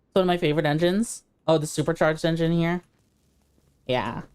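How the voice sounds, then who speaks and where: A woman's voice: low voice, fairly quick, darkish tone, smooth. A woman streamer chatting casually while playing, laughing easily and talking to her chat.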